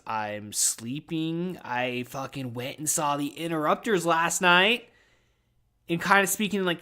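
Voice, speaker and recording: A man's voice: fairly high pitch, a bit bright. A young man hosting a podcast, rambling casually from his room at home with plenty of swearing. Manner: rambling and profane, laid-back. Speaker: podcast host. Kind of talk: casual solo podcast chat.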